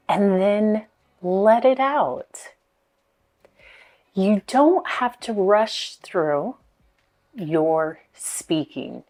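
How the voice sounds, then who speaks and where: Slow, deliberate woman speaking coach. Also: medium pitch, darkish tone. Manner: slow, deliberate, with pauses and repeated words. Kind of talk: motivational speaking tips to camera.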